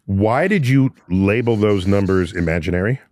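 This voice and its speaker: A man's voice: on the low side, moderate pace, darkish tone, dry recording, clean studio sound. A man hosting a casual chat, asking questions in a playful, teasing way. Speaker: show host.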